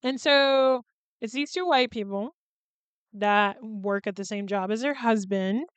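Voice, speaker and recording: A woman's voice: fairly high pitch, unhurried, smooth, dry recording. A woman hosting a podcast in casual chat, candid and chatty, swearing freely and laughing between sentences. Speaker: podcast host.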